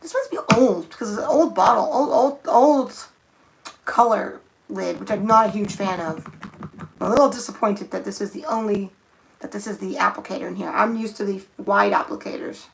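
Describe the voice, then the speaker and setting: A woman's voice: medium pitch, moderate pace, creaky, rough recording. A young woman chatting casually on a live stream as she paints her nails, thinking aloud and muttering to herself. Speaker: nail art streamer.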